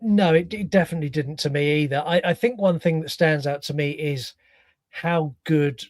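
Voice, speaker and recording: A male podcast co-host with a fairly high voice, telling it animatedly and acting out his own reactions. He speaks casually and keeps the talk moving. The sound is close and dry. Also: normal speed, dry recording. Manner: animated storyteller, acts out reactions. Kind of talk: casual film chat.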